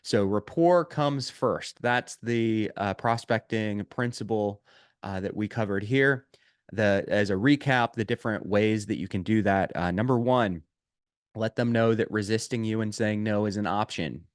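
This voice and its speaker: A man with a fairly low voice delivers a sales prospecting lesson straight to camera. He talks emphatically, stacking repeated words for stress and filling gaps with "uh" and "um". The sound is dry and close, with no room echo. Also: a little slow, clear, resonant tone. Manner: emphatic, repeats key points, frequent "uh" and "um". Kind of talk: instructional video lesson.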